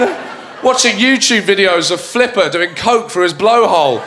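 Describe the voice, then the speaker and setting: A man's voice: high-pitched, expressive, moderate pace. A man with an English accent doing a rambling, self-deprecating stand-up set on stage, talking into a handheld mic. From England. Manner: rambling, self-deprecating, puts on silly voices. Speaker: stand-up comedian. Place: comedy theatre stage before a live audience. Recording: echoey theatre with audience noise.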